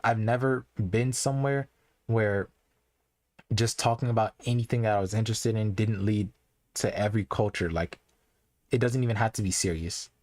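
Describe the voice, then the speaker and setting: A man's voice: on the low side, moderate pace, a little mellow, no echo. Earnest rambling young man streaming. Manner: loose, rambling and earnest, heavy with "like" and restarts. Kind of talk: casual live-stream commentary.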